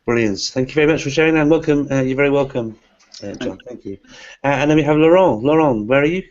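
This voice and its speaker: A man's voice: mid-range voice, quick pace, darkish tone. A man hosts a live online teacher webinar, and his introductions keep stopping on "uh" and "um". The call audio is dull and lo-fi. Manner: hesitant, many "uh" fillers. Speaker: host.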